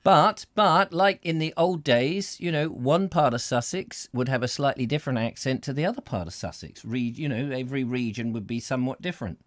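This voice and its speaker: A man's voice: mid-range voice, a little fast, few pauses, no echo, clean studio sound. A man with a southern English accent hosting a casual comedy chat show. He talks in a rambling, jokey, self-mocking way. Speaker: host.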